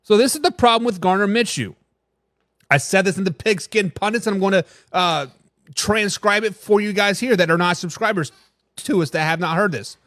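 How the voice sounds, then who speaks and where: Here a sports talk show host speaks at a moderate pace in a high, twangy, slightly bright voice, with clean, echo-free studio sound. Brash and opinionated, he hosts a live NFL stream, reading viewer comments and responding directly to chat.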